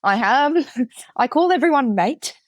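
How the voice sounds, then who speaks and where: A non-binary podcast guest from India with an Australian accent, telling stories in an animated, cheeky conversational way. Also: sits high, a little slow, dry recording. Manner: animated, cheeky storytelling with laughs. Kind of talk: casual conversation.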